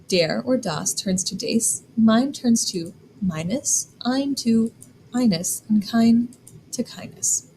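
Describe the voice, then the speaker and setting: A woman explaining German grammar in a clear, deliberate lesson, slowing down to spell out examples. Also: fairly high pitch, mellow, slight background noise, low-quality recording. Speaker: German teacher. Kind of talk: scripted classroom explanation.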